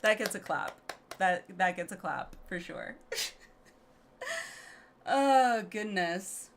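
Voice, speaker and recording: Slow-talking giggly woman streamer. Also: medium pitch, expressive, a little hiss or hum. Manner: chatty and giggly, rambling with many fillers. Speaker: game streamer. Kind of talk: casual let's-play commentary.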